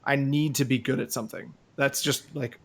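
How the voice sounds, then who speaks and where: A man's voice: medium pitch, flat delivery, normal speed, fairly bright tone. A man co-hosting a podcast in casual chat, rambling with lots of fillers. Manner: rambling, many fillers and restarts. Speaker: podcast co-host.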